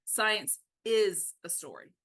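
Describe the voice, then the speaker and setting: A woman co-hosts a casual book chat. Her voice is bright and forward at a middle pitch, and she talks in quick, animated asides. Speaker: podcast co-host.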